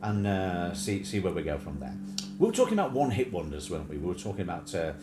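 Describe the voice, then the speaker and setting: A man's voice: sits low, big pitch swings, fast, echoey room, background noise. A man hosting a livestream in casual chat, rambling with many fillers and small asides. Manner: rambling, many fillers, breaks into sung snatches and mimicked accents. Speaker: livestream host.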